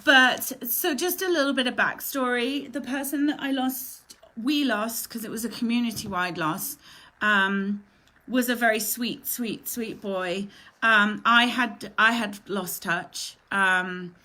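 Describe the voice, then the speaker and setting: A woman in her thirties from Canada hosts a casual live stream. Her voice sits a little high and sounds very bright and forward. She chats warmly with viewers, greets them by name and talks openly, often close to tears. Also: unhurried. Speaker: live show host.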